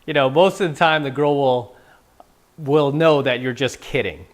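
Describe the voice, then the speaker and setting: A dating coach from San Francisco gives casual, playful dating advice as an instructional talk, occasionally acting out quoted lines. He speaks at a moderate pace with a medium pitch.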